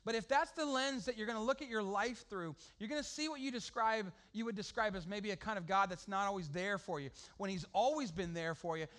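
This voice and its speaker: A man preaching a sermon to a congregation, animated and joking with the crowd. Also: high voice, fairly quick, few pauses. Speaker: pastor.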